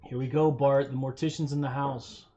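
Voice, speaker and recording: A man's voice: mid-range voice, flat delivery, normal speed, warm tone. Profane, offhand middle-aged man. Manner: profane, offhand, mumbles under his breath. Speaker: trading stream host. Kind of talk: casual live-stream chat. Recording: slightly dull audio with faint hiss.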